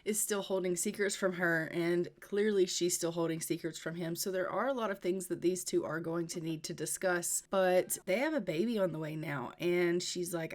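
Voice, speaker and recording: A woman's voice: fairly low pitch, normal speed, hardly any pauses, darkish tone. A woman casually narrating a life-sim game story, retelling the characters' talk in a chatty "and she's like" way. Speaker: gameplay narrator.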